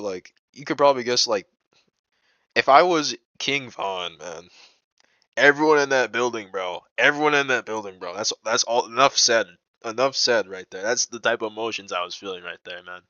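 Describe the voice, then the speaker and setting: A man's voice: mid-range voice, moderate pace, pushed and bright, no room sound, lo-fi sound. A young man telling a personal story in a casual vlog, rambling and profane, full of "bro" and "like". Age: young adult. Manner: agitated, indignant retelling.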